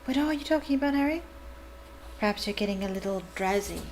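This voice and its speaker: A woman's voice: mid-range voice, lively intonation, fast, a little mellow, a little hiss or hum, lightly acted, low-quality recording. A woman voicing a vain celebrity wizard teacher who prattles pompously about himself. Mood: self-important. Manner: pompous, self-satisfied prattle.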